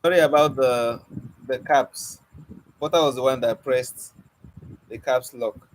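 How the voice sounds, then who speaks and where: A man's voice: medium pitch, measured pace, slight background noise, rough recording. A young man teaching an online poetry lesson, coaxing and questioning his students with light teasing. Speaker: poetry mentor.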